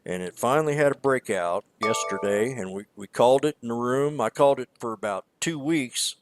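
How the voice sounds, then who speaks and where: A man's voice: mid-range voice, a little fast, over music. A man co-hosting a trading show, talking in a rambling, emphatic way with many repeated words. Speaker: stock trading show co-host. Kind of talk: casual market commentary.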